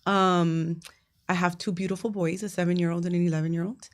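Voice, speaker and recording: Fast-talking chatty woman from Miami. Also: fairly low pitch, flat delivery. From Miami, USA. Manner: chatty, laughing, emotional, storytelling. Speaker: guest. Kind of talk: casual interview chat.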